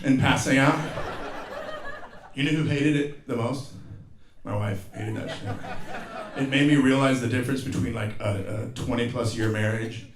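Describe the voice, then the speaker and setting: A man in his forties doing a live stand-up comedy set, telling profane stories with acted-out voices and sudden yelps. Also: mid-range voice. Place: theater stage before a laughing audience. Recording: roomy live venue with crowd laughter. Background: audience laughter.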